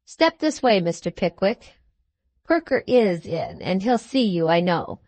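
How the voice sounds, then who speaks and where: A woman's voice: medium pitch, sing-song, unhurried, darkish tone, no echo. A woman voicing a petulant male law clerk who speaks in a sly, impatient way.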